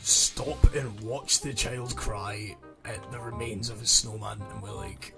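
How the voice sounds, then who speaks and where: A man's voice: on the low side, takes it slowly, gravelly. A young man, telling a storytime anecdote over gameplay and reacting to the game as he goes. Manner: animated, breaks off to react to the game. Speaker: gaming storyteller. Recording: background music under voice.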